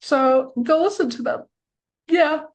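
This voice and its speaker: Young american woman, podcast co-host, high-pitched, chatty, lots of "like" fillers. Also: takes it slowly, poor audio. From United States. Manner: excitable, filler-heavy with lots of "like". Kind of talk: casual storytelling chat.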